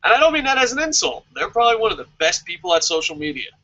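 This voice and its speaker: Bright-voiced, sarcastic man ranting. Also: high-pitched, very fast, muffled recording. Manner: animated, sarcastic and profane. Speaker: wrestling vlog host answering viewer questions. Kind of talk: casual opinionated commentary.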